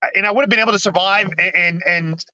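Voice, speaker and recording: High, bright-voiced man in halting talk. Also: fairly even intonation, no room sound, lo-fi sound. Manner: halting, frequent restarts and repeated words. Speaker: podcast guest. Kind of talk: candid personal storytelling.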